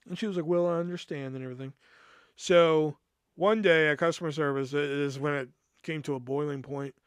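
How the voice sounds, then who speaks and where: A man's voice: a little high, fairly even intonation, a little fast, smooth, no echo, clean studio sound. A young man hosting a podcast, telling a work story in a casual, profane way and acting out the quoted dialogue. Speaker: podcast host.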